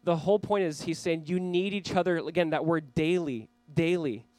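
A pastor delivers a sermon in an earnest, urging way, his voice sitting a little high for a man. The sound is dry and close, with almost no room echo. He talks straight to the camera for viewers at home. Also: moderate pace, darkish tone. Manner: earnest, urging the listeners directly. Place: church, speaking to a camera for online viewers.

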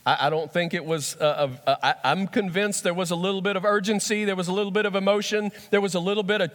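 A man preaching a sermon in an animated way, repeating phrases and swinging between soft and loud. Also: high voice, fast, hardly any pauses. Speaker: pastor. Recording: long hall reverb.

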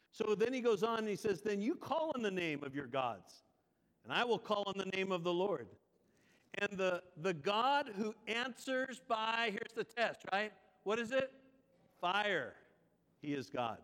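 A man's voice: high-pitched, fairly bright tone, long reverb tail. A male pastor preaching a sermon in a conversational way, often asking the congregation questions.

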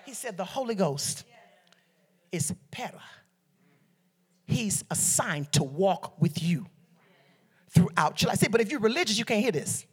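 A woman from Detroit preaching a sermon with call-and-response, swinging from soft teaching to shouted exhortation. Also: mid-range voice, big pitch swings, unhurried, long pauses, breathy edge. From Detroit, USA. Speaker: preacher and beauty coach. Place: church service.

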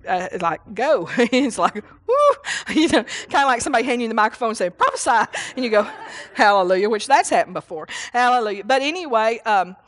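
Folksy woman preaching a sermon. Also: medium pitch. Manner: rambling, folksy, laughs often, many hallelujahs. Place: church service.

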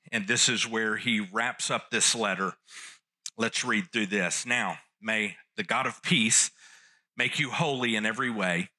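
A man's voice: mid-range voice, bright, forceful tone. A man preaching a sermon, teaching earnestly and repeating key phrases for emphasis. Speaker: pastor.

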